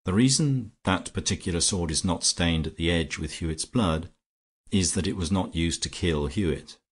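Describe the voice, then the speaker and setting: A man voicing a calm, grave English gentleman detective in a storybook reading, speaking in a measured, explanatory way. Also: deep voice, breathy edge.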